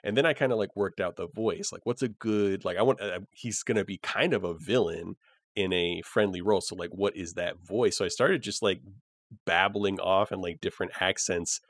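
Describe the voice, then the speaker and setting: A man's voice: deep voice, moderate pace, no echo, studio quality. A young man talking casually about the character he plays in a tabletop game, rambling with plenty of fillers. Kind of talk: casual podcast chat.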